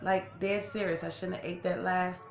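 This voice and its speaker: A Los Angeles woman in her forties, who vlogs eating shows, sits in a chair at home and tells a long, rambling story as she eats, chatting and correcting herself along the way. Her voice is lowish, level and creaky at a moderate pace, and the roomy space has faint background music.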